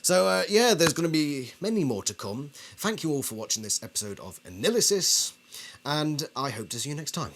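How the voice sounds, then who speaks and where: A man's voice: on the high side, big pitch swings, fairly quick, fairly bright tone, a little hiss or hum. A man hosting a casual commentary video, talking things through and asking his viewers questions. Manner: conversational, asks the audience questions. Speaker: video host.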